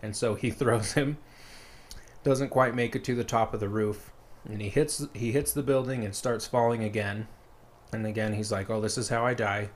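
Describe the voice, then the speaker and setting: Guy with a lowish voice retelling a story, loose and rambly, lots of "like". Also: normal speed. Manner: rambling, filler-heavy retelling. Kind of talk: casual storytelling recap.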